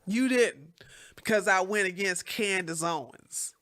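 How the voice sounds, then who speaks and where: A woman's voice: medium pitch, measured pace, fairly bright tone. A woman hosting a livestream, ranting bluntly and heatedly with lots of swearing, and stopping to read viewer comments. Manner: reads viewer comments aloud. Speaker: livestream host. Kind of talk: profane livestream rant.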